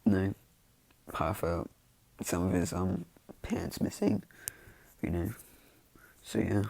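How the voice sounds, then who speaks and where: A man's voice: low-pitched, wildly swooping pitch, slow, creaky, a little mellow. A man casually telling a fan story, rambling and full of fillers.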